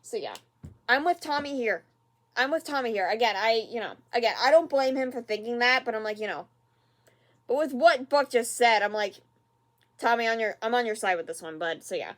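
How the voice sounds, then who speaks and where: Reaction host, rambling casual talk, fillers, exasperated sighs, fairly high voice. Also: female voice, expressive, brisk, a bit bright. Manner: rambling, many fillers and repeats; exasperated, sighing at the screen.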